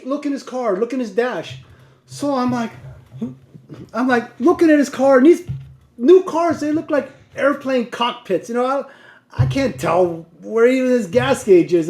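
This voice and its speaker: A man's voice: extremely high pitch, a little mellow, echoey room. A man who drives a truck tells a story casually and animatedly, laughing and wandering off on side tracks.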